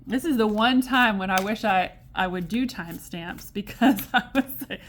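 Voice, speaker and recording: A woman's voice: medium pitch, moderate pace, few pauses, slight background noise. A woman giving a casual tarot reading to camera, chatty and digressive, exasperated yet amused. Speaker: tarot reader.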